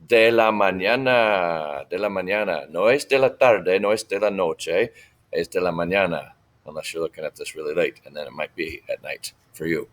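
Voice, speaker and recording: Male teacher, low voice, patient, drills vocabulary for an online class. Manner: patient, repeats Spanish forms slowly for students. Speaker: Spanish teacher. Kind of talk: recorded online lesson.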